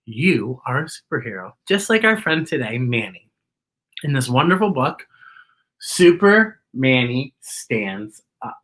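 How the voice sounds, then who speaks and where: A woman's voice: extremely low pitch, a little slow. A woman hosting a children's story time, reading a picture book aloud and talking playfully and directly to young listeners. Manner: playful, animated, talks straight to kids.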